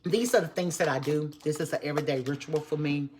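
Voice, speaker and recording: A woman's voice: low-pitched, fast talker, a little mellow, slight background noise. A woman, giving a live-stream motivational talk as a network marketer and speaking with emphatic repetition to her viewers. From Texas. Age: 50s. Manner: emphatic, repetitive, preachy, addresses viewers as y'all.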